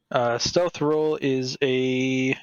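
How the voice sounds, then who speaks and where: A man's voice: medium pitch, clear, resonant tone, no room sound, dull audio. A man playing a tabletop game, chatting casually in a laid-back, matter-of-fact way.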